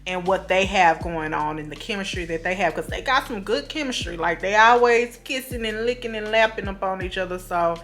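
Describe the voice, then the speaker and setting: A woman's voice: medium pitch, a little fast, few pauses, a bit bright, soft background music. A woman recapping a reality show in a casual, gossipy way, full of fillers and asides.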